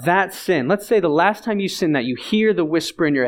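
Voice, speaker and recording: A man's voice: high voice, lively intonation, a little fast, hardly any pauses. A man preaching a sermon in an earnest, emphatic and conversational way, often repeating his phrases for weight. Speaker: pastor.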